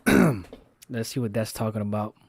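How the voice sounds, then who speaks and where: A man hosting a live stream, setting up and commenting on videos in a relaxed, casual way. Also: lowish voice, normal speed, gravelly, slightly rough, no echo. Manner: laughing, amused asides.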